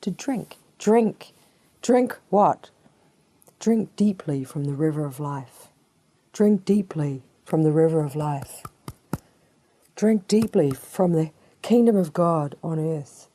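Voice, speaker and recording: A woman delivering a sermon in an unhurried, deliberate way. Her voice sits low and mellow, and she circles back on her phrases with rhetorical questions she answers herself. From New Zealand. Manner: repetitive, rhetorical call-and-response questions. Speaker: preacher.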